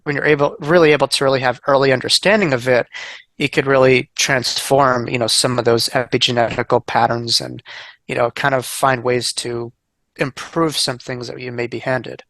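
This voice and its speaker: Male therapist guest, bright forceful voice, dry sound, earnest with lots of fillers. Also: medium pitch, fairly even intonation, normal speed, dry recording. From United States. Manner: earnest, many fillers and restarts. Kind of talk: casual interview chat.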